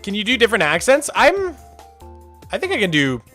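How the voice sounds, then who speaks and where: A man's voice: high voice, huge pitch swings, brisk, bright, forceful tone, faint music behind. A young man hosting a live stream in casual chat, reading and answering viewer messages. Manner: chatty, reads chat aloud, loose restarts. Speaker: streamer host.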